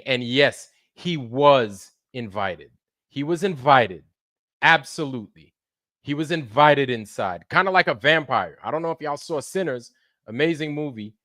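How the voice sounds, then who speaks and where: A man's voice: fairly high pitch, no room sound, clean studio sound. Profane ranting man on a livestream. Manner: profane, repetitive, swings between muttering and shouting. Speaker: live streamer. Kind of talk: heated livestream rant.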